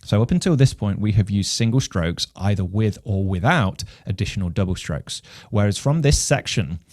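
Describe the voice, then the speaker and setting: Low-voiced man explaining drum rhythms. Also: animated, a little mellow, no echo, clean studio sound. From England. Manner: measured, counts beats aloud. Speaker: music teacher and composer. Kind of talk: instructional explanation.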